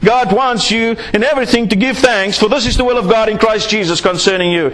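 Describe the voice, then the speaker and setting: A man's voice: sits high, fairly quick, a bit bright. A man preaching a sermon, acting out little scenes to make his points. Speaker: pastor.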